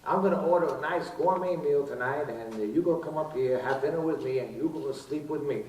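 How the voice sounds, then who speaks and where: A man's voice: a little high, fairly quick, darkish tone, close to an everyday voice. A man voicing a pushy older woman, from far off. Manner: blunt, pushy invitations. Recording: roomy live showroom, distant, audience and noise.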